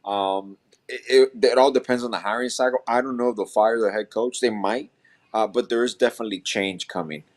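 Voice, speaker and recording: A man on a casual sports podcast, offering loose, unhurried analysis with frequent pauses and fillers. His voice sits somewhat low. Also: fairly even intonation. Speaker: podcast co-host. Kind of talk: casual chat.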